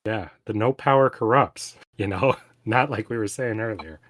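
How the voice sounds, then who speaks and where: A man co-hosting a casual book discussion podcast, relaxed, with frequent "you know" fillers. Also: fairly low pitch, normal speed. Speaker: podcast co-host.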